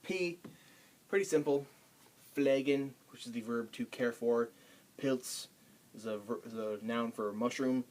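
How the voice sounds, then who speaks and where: Man, casual language tutor, unhurried and halting, mid-range voice. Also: medium pitch. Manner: halting, many ums and restarts. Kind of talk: casual pronunciation lesson.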